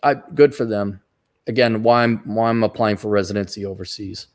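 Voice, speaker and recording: A man's voice: fairly low pitch, brisk, darkish tone. A man hosting a casual livestream, reading out viewer donations and giving blunt, rambling opinions with frequent restarts.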